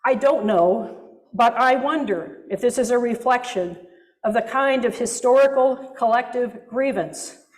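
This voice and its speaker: A woman's voice: a little high, measured pace. A woman pastor preaching a sermon in a reflective manner with wry asides, recorded in a reverberant church hall.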